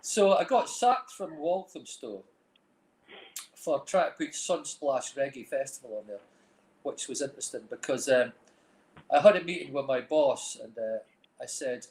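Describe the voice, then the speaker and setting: A man's voice: mid-range voice, expressive, normal speed, darkish tone, a little hiss or hum. Rambling Dundee man, echoey room. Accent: Dundee Scottish. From Scotland. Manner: rambling storyteller, fillers like "like, you know". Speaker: guest, film director and music manager. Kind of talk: casual chat. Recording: roomy echo.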